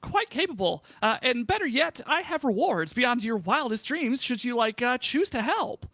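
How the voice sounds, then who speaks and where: A high, bright, boastful male sheep, put on by a man running the game. He tries for a Valley Girl voice and keeps slipping in "like" and "uh". Tabletop role-play character with a swooping, lively delivery. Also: moderate pace, no room sound, clean studio sound, heavily acted. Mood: pleading. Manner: attempted Valley Girl voice, full of "like, uh".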